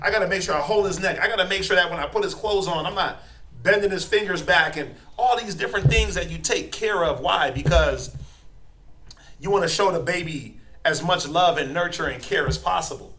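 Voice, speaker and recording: A man's voice: high voice, fairly quick, fairly bright tone. A man with an American accent teaching a class in a casual, joking way, often acting out voices in quoted asides. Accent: American English.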